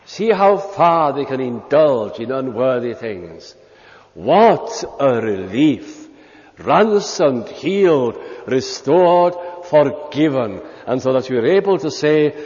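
An older British man preaches slowly and deliberately, weighing each word with long pauses. His voice sits in the middle of the range. The recording is dull and lo-fi, caught in a hall with long reverb. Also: mid-range voice, a little mellow. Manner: measured, emphatic preaching with long pauses and quoted hymn lines. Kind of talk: sermon.

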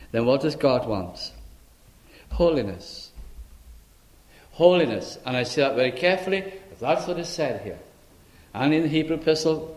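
An older man from Britain preaching a sermon, asking rhetorical questions and voicing imagined speakers. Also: fairly high pitch.

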